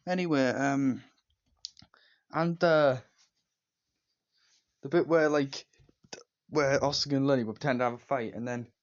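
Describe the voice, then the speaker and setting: A man talks through a film in a loose, rambling way, piling up one "and then" after another. His voice sits at an ordinary middle pitch, and the recording sounds a little dull and lo-fi. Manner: rambling, strings scenes together with "and then"; briefly acts out characters' lines with silly voices. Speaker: film reviewer. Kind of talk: casual movie review.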